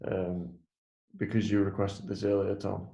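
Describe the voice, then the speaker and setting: A man's voice: low-pitched, completely flat delivery, a little slow, gravelly, dark tone. A man co-hosting a podcast in casual chat, laid-back and often answering with short agreeing words. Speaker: podcast co-host.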